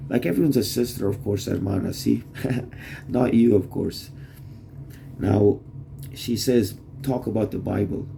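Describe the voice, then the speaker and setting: A man's voice: on the low side, measured pace, gravelly, pauses often, mellow, slight background noise. A man rambling in a casual vlog monologue to the camera, swearing and restarting his sentences as he goes. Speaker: vlogger. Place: Toronto area.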